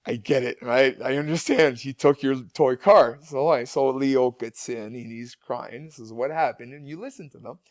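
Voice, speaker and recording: Halting man telling a family story. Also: medium pitch, no echo, studio quality. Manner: halting, many restarts and repeated words. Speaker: guest speaker, parent. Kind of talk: casual interview storytelling.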